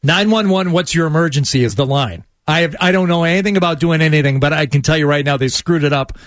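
A man's voice: on the high side, fast, a bit bright, no room sound. A man co-hosting a radio show in a studio, joking and skeptical in casual banter. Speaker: radio co-host.

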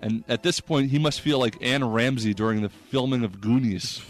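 A man hosting a comedy sports segment, delivering rapid jokes and laughing at his own punchlines. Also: mid-range voice, faint music behind.

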